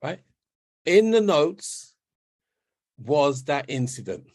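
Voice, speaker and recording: A middle-aged man speaks as a podcast guest, recorded dry and close. He tells his story steadily, often pausing to check in with "right?". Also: fairly high pitch, big pitch swings, darkish tone, dry recording. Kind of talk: conversational storytelling.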